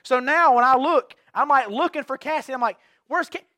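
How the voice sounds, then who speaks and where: A man's voice: very high voice, fairly quick, bright, forceful tone, no echo, clean studio sound. A man preaching an evening sermon to his congregation. He is earnest, repeats and restarts phrases, and puts questions to the listeners. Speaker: pastor. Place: church sanctuary.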